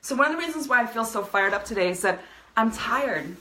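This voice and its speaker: A woman's voice: on the high side, animated, a little fast, sharp tone, reverberant. A woman giving a passionate motivational talk on a live video stream, speaking as a coach to her viewers. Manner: passionate, fired-up motivational delivery. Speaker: business coach.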